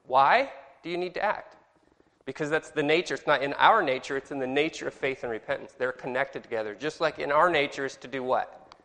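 A man's voice: mid-range voice, brisk, fairly bright tone. A man teaching a Sunday school class, chatty and joking, asking the group questions. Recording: long reverb in a hall.

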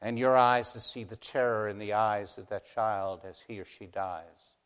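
A man preaching a sermon, moving between hushed, slow passages and loud, impassioned warnings. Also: fairly low pitch, fairly even intonation, smooth. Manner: dramatic, swings from hushed to impassioned. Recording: long hall reverb.

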